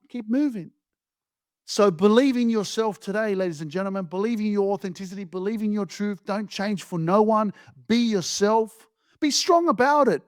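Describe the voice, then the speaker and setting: A blunt, emphatic man hosts a motivational podcast and swears freely. His voice sits high for a man. The sound is dry and close, with no room around it. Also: dry recording. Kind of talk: motivational monologue.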